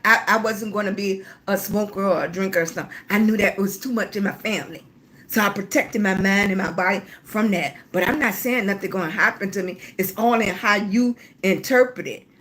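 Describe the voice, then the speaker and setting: A middle-aged woman hosting a casual livestream, chatting freely with viewers and calling them baby, with an occasional cough. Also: mid-range voice. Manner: talkative, warm-hearted, calls viewers baby. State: coughing at times. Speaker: livestream host.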